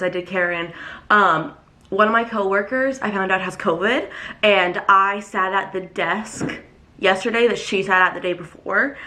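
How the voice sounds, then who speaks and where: A woman in her twenties, congested and sick, ranting in a casual vlog with lots of filler words. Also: mid-range voice. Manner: animated, ranting, filler-heavy. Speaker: vlogger. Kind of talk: casual vlog talk to camera.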